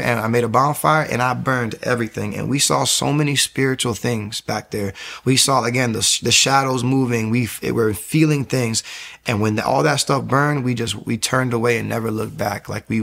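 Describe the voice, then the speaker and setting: A man's voice: medium pitch, creaky, fairly bright tone. A man sharing his religious conversion testimony in an earnest, fervent way, with lots of "like" and restarts. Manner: earnest, fervent storytelling with many fillers and restarts. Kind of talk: casual spoken testimony.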